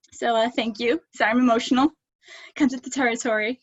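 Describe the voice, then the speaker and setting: A woman from Staten Island reading her poems at a live online poetry event, halting and full of fillers between pieces. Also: on the high side, fairly even intonation, slightly rough, dull audio. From Staten Island, New York. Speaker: poet reading her work. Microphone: video call.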